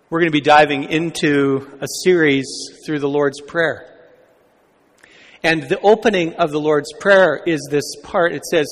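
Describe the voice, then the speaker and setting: A man's voice: fairly high pitch, steady tone, measured pace. Conversational male pastor in a reverberant hall. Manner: conversational, asks the congregation questions. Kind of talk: sermon.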